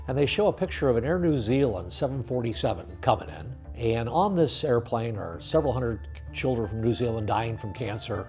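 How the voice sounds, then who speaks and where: An older man, a retired highway patrol officer, telling stories in an interview in a lively way. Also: fairly quick, soft background music. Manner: lively storyteller, acts out voices in quotes. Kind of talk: storytelling interview.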